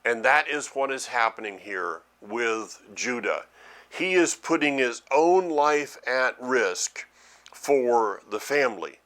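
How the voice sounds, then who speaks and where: Middle-aged male preacher, mid-pitched, halting earnest delivery, thinks aloud, repeats words. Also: expressive, a bit bright. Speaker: ministry teacher. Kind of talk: sermon.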